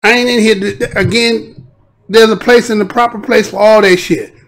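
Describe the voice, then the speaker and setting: A man's voice: high voice, steady tone, moderate pace, fairly bright tone. A man hosting a live stream, talking to his chat in emphatic, profane street talk. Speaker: livestream host.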